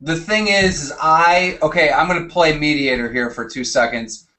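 Dude hosting a live stream, playing mediator, lots of ums. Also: male voice, on the high side, normal speed, bright, forceful tone, rough recording. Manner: moderating, hesitant with fillers. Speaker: host.

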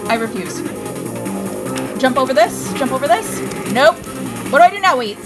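Panicky high-voiced woman gaming. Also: lively intonation, normal speed, loud music behind the voice. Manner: panicky, talks to herself. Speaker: gamer playing live. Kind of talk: let's play commentary.

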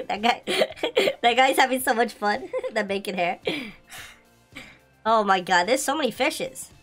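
Excitable young woman gaming, super bright sharp voice, faint music in background. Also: a little high, unhurried. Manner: excitable, giggly, exclamatory. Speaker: gaming channel host. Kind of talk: game commentary.

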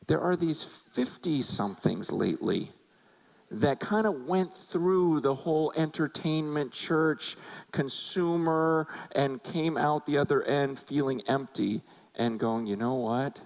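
A man's voice: a little high, slow pace, gravelly, low-quality recording. A man preaching a sermon as a pastor, conversational and emphatic, acting out quotes as he goes.

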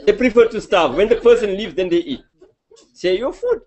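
Male preacher, animated storyteller in a sermon, pitch rising and falling widely. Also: moderate pace.

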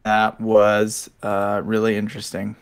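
A man's voice: fairly low pitch, completely flat delivery, measured pace, smooth. A man playing in a tabletop game, talking casually and counting out his moves aloud. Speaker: player.

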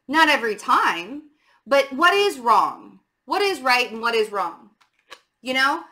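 A woman's voice: high-pitched, big pitch swings, unhurried, sharp tone. A young adult woman giving a casual tarot reading to camera, chatty, frank and emphatic. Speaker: tarot reader.

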